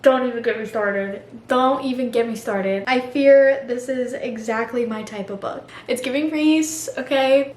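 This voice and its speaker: A young woman chatting casually about books in a vlog, gushing and animated, full of slang. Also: on the high side. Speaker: book vlogger. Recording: echoey room with faint ambience.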